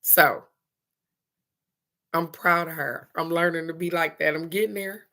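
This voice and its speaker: A woman's voice: fairly high pitch, steady tone, a little slow, gravelly, background noise. A woman doing a casual live-stream card reading, chatty and affectionate, laughing often and calling out to viewers by name.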